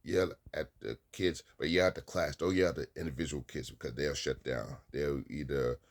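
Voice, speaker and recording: A man's voice: rumbling low, fairly even intonation, normal speed. A man speaking casually as an experienced teacher, giving plain-spoken advice and repeating his points, with sometimes stern commands.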